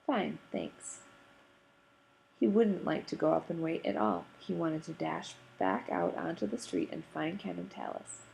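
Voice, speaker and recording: A woman reading a novel aloud as an audiobook narrator, in calm, steady storytelling. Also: sits low, normal speed, vocal fry, few pauses, slight background noise, low-quality recording. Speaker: audiobook reader. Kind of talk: scripted narration.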